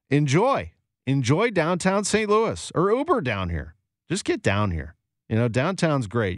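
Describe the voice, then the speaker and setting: A man's voice: lowish voice, no echo, studio quality. A man hosting a sports radio show, talking casually with laughs and fillers. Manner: chatty, laughs often, relaxed filler-heavy delivery.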